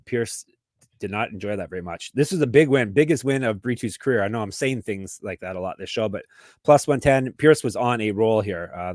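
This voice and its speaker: A man co-hosting a sports betting podcast, reading sponsor ads briskly and breaking down fights in relaxed banter. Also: mid-range voice, no echo, clean studio sound. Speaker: podcast co-host.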